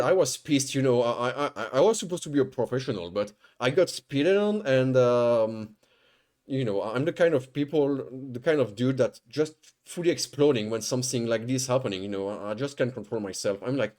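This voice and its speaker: A man's voice: mid-range voice, brisk. Rambling man telling a story. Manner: rambling, restarting, swearing, animated retelling. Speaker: streamer. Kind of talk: casual storytelling on stream.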